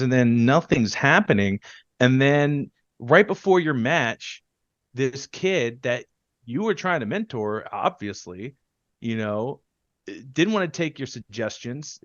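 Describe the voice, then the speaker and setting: Man, mid pitch, heated podcast rant, lots of swearing, dry dull-sounding mic. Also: fairly bright tone, no room sound. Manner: profane, ranting, quick bursts that then drop low. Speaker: podcast co-host. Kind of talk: heated casual chat.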